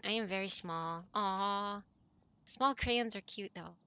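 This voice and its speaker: A woman's voice: mid-range voice, sharp tone, clean tone, dry recording, muffled recording. A woman streamer in casual voice chat with friends, chatty and apologetic, with a chirpy voice. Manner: chatty, apologetic, quick laughs.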